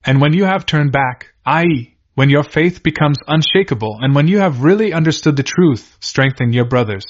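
A man's voice: on the high side, lively intonation, moderate pace, muffled recording. A man preaching a sermon, explaining a Bible passage in an earnest teaching manner and posing questions to his listeners.

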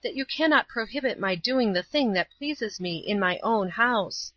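A woman voicing a gentle, pious old woman who speaks calmly and tenderly in a storybook reading. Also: medium pitch, moderate pace, no echo, muffled recording.

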